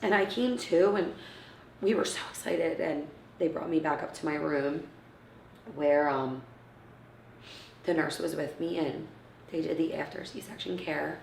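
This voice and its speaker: Gravelly-voiced woman telling a personal story. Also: low voice, measured pace, pauses often, slight background noise. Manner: acts out others' words, often drops to a hushed near-whisper. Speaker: interviewee, mother of premature twins. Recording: roomy, from a distance.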